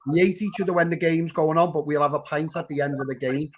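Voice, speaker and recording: A man's voice: on the high side, steady tone, fast talker, a crowd in the background. A man with a Liverpool accent on an online panel, teasing and fervent, saying look and lad at every turn. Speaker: panel guest. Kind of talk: casual football banter.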